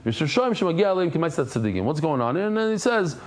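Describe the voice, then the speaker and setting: Guy teaching talmud, jumps up and down in pitch a lot, acts out little stories. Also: quick pace. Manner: animated storytelling, acts out characters, mixes Hebrew and Yiddish terms. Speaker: Daf Yomi teacher. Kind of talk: Talmud class.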